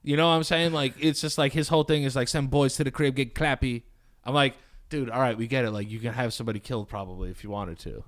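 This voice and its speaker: A man's voice: mid-range voice, fairly even intonation, quick pace. A man co-hosting a podcast, chatting casually and wryly, slipping into mocking impressions of others. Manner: wry, does mocking impressions. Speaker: podcast co-host. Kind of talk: casual chat.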